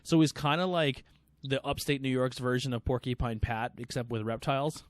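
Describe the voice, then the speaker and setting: Profane rambling podcast host. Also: male voice, medium pitch, fairly even intonation, normal speed, no room sound, clean studio sound. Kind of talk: casual chat.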